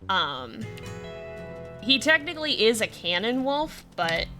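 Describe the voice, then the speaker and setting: A woman streamer chatting casually over a wolf game, laughing often and loudly, with a light lilt. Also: a little high, very animated, takes it slowly, music in the background. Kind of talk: casual gameplay commentary.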